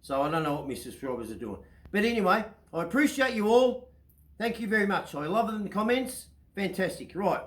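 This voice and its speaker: A man's voice: sits high, sing-song, fairly quick, roomy sound, poor audio. Rambling Australian man telling a yarn. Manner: chatty, keeps asking "right?". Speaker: storyteller host. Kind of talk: casual rambling anecdote.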